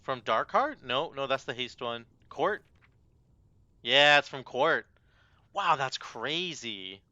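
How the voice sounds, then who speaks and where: Bright, animated gamer man. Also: medium pitch, slow pace, dry recording, lo-fi sound. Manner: animated, exclamatory, self-mocking. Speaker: gaming content creator. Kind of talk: live gameplay commentary.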